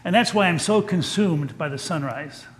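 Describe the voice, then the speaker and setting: Older pastor's gentle, folksy sermon. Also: male voice, on the high side, animated, moderate pace. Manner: folksy storytelling, gentle and earnest. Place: church.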